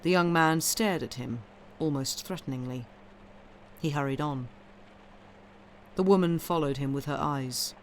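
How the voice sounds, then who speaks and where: A woman reading a classic short story aloud in a calm, measured audiobook narration. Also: low-pitched, slight background noise. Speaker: reader.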